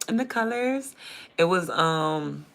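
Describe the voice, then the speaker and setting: A man with a DMV accent chats loosely to his livestream viewers. His voice is gravelly with fry, yet bright and forward in tone. He rambles and thinks aloud, often trailing off before he finishes a sentence. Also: sits high, expressive, takes it slowly, slight background noise. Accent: DMV (Washington, D.C. area). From Prince George's County, Maryland. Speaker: streamer. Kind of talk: casual livestream chat.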